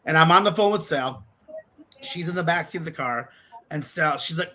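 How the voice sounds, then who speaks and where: A man in his thirties, a wrestler guest on a podcast, telling stories in lively casual chat, swearing and laughing often. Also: fairly high pitch, brisk. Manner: animated storyteller, swears a lot, laughs often.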